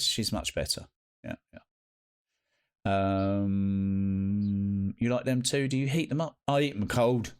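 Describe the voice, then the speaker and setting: A man, live streaming and chatting casually with his viewers, greeting them by name and swearing freely. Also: medium pitch. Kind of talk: casual chat reading live chat.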